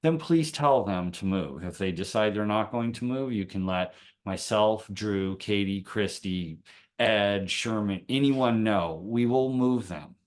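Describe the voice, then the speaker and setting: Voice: sits low, a little slow. An event organizer speaking earnestly during a virtual meeting, urging everyone to be careful.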